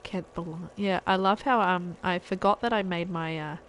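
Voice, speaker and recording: A woman's voice: fairly low pitch, normal speed, a bit bright, slight background noise, poor audio. A woman from New Zealand, a parent, chatting casually with viewers while she streams gameplay. She laughs often and trails off mid-sentence. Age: adult parent.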